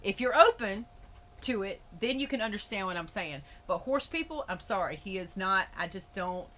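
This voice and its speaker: A woman's voice: mid-range voice, expressive, moderate pace, fairly bright tone, slight background noise. A woman hosting a podcast, ranting in a blunt, emphatic way and swearing freely. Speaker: podcast host. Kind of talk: opinionated podcast monologue.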